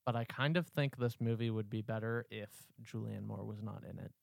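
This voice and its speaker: A man's voice: fairly low pitch, fairly even intonation, brisk, vocal fry, no echo, clean studio sound. A man co-hosting a film podcast, thinking aloud in an earnest, hedging way. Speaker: podcast co-host. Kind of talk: casual film discussion.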